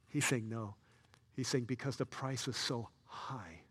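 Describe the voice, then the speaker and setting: Male pastor, mid-pitched, lively storyteller, soft to loud. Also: a little fast, husky, long reverb tail. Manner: storytelling, swings between soft and loud, excited. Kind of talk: sermon.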